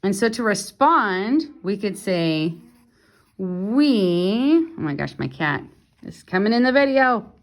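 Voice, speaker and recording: A woman teacher talks through a language lesson slowly, in a middle-pitched voice. She explains patiently, with the odd "um" between steps. It sounds like a relaxed recording made at home. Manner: slow, patient explaining with fillers. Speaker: French teacher.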